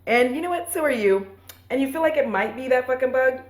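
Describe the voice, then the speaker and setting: A woman in her thirties casually retelling a movie for a podcast, rambling and profane, with playful asides and quick voices for the characters. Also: high voice, expressive. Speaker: podcast host. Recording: roomy echo.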